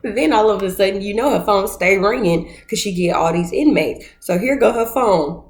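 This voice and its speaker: A woman casually recapping a reality show, animated and acting out scenes in put-on voices. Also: lowish voice, brisk, few pauses. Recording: roomy echo.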